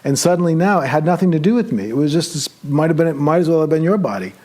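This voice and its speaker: A male meditation teacher telling a personal story during a retreat talk, conversational and animated as he acts out his own excited thoughts. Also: on the high side, fast talker. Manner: relaxed, conversational, with many fillers.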